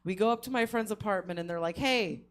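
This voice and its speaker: A woman's voice: medium pitch, fast, very noisy. A woman telling a funny story on a comedy show, laughing often as she goes and putting on voices for the people she quotes. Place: comedy theater stage.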